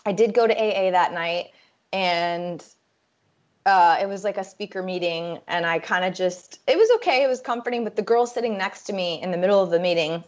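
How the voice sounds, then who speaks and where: A woman with a lowish voice tells her own story to an interviewer in a candid, halting way, stopping and restarting as she goes. The recording sounds dull and lo-fi. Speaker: guest telling her recovery story.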